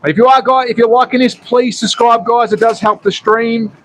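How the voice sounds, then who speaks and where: A man's voice: very high voice, steady tone, normal speed, a bit bright, a little hiss or hum. An Australian man hosting a slot car racing livestream, calling the races and chatting to viewers in a jokey, casual way. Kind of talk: live race commentary and viewer chat.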